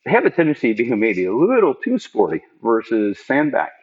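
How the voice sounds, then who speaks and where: A man, a program manager, telling an interviewer about his work in an earnest, emphatic way and jumping up in pitch to stress his points. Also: wildly swooping pitch, a little fast. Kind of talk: conversational storytelling in an interview. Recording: dull lo-fi audio.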